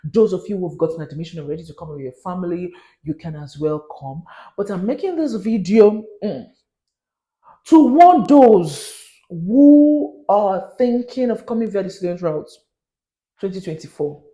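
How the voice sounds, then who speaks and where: A woman's voice: lowish voice, a little fast, warm tone. Earnest woman vlogger, roomy sound. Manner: earnest, warning, switches into pidgin. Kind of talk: advisory vlog to camera.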